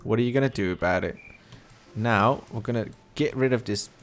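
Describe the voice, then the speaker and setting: A man's voice: on the low side, a little fast, a little hiss or hum. A young man commentating his own gameplay, chatty and coaxing animals along, growing easily exasperated. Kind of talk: let's play commentary.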